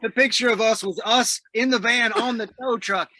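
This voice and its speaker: A man's voice: extremely high pitch, steady tone, moderate pace, pushed and bright, dry recording. A man from the Southern US, a musician guest in a casual interview, telling stories in a laid-back way and laughing as he talks. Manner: laid-back storyteller, laughs mid-sentence.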